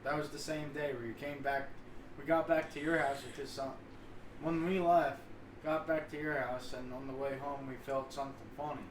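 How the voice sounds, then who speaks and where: A man's voice: medium pitch, steady tone, normal speed, distant mic. A man, co-hosting a casual podcast and correcting details in his friend's stories. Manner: backs up and corrects the other host's story. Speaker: podcast co-host. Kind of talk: casual chat. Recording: roomy, off-mic, faint hiss.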